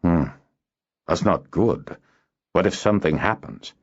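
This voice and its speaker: A man voicing an irritable older male harper who talks gruffly and testily. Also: sits low, lively intonation, unhurried, dull audio, full character voice. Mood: worried. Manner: gruff and testy.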